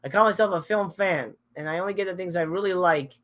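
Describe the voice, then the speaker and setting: Middle-aged male streamer, casual and cursing, emotional and halting as he reacts to chat. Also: high voice, a bit bright. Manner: candid and emotional, swears often, trails off and restarts. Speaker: live stream host. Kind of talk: casual live-stream chat, reading viewer comments.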